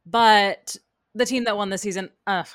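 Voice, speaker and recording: A woman co-hosting a podcast, talking in a lively, chatty way full of quick asides. Her voice sits at a middle pitch and is recorded close and dry, with no room sound. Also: smooth, no room sound. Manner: chatty and animated, quick asides, frequent laughs. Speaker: podcast co-host. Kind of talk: casual chat about TV shows.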